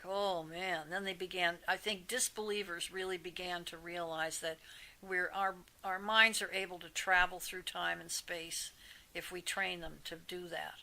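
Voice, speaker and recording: Bright-voiced older woman telling stories. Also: lowish voice, creaky, poor audio. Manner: chatty, animated anecdotes with frequent asides. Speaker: psychic medium guest. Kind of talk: casual interview storytelling.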